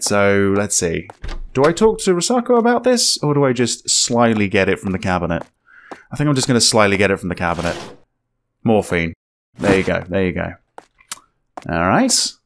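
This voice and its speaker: A man casually commenting as he plays a game, chatty and joking, reacting out loud to what happens. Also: fairly low pitch, a little hiss or hum. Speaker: gaming YouTuber. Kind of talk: let's play commentary.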